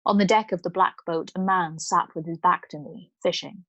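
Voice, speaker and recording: A woman storyteller reading a novel aloud in a calm, measured way. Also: on the low side, dry recording. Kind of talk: bedtime book reading.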